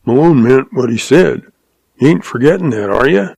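Old cowpoke, folksy drawl, gravelly and low, guy doing the voice. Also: lively intonation, moderate pace, a little mellow, dry recording. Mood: grateful, uneasy. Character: old western man, grateful and worried.

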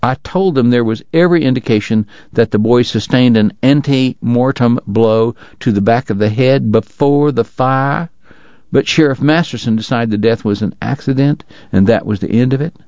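A man doing a drawling Southern gentleman dentist. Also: medium pitch, moderate pace, no echo, lo-fi sound, natural voice. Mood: formal. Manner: formal, long-winded, drawling. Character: genteel Southern dentist gambler, formal, touchy.

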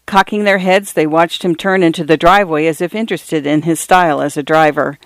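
A man narrates a novel in a measured, expressive reading. His voice sits a little high for a man and sounds smooth and resonant. It is close and dry, with no room sound. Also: dry recording. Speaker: audiobook narrator. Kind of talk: scripted literary narration.

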